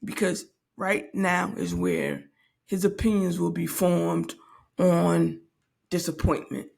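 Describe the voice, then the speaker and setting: A woman's voice: lowish voice, level tone, slow pace, creaky, a little mellow. A woman in her late forties, hosting a podcast and telling a personal story in a candid, reflective way that halts and restarts often. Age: late 40s. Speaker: podcast host.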